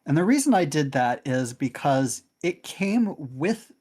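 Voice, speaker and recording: A man's voice: on the high side, big pitch swings, a little slow, a little mellow, husky. A man co-commentating a game stream, explaining things in a rambling, hesitant way. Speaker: tournament organizer and co-commentator.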